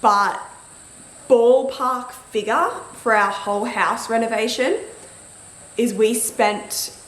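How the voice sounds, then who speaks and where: A woman's voice: fairly high pitch, fairly even intonation, slow pace. Young aussie woman yapping to camera, lots of likes, echoey room. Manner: chatty storytelling, many likes, acts out quotes. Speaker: vlogger. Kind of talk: casual chat to camera.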